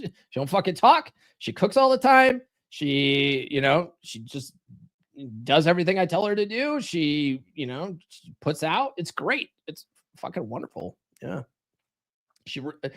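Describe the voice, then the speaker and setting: Give me a blunt, foul-mouthed man coaching viewers, with a lively, expressive voice. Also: a little high. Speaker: live stream host giving dating advice. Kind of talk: casual live stream talk.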